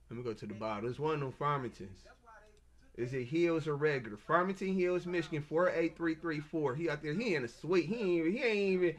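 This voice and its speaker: A man's voice: fairly high pitch, fairly bright tone. A man in an agitated casual monologue rant, stammering and repeating himself. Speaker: self-published author.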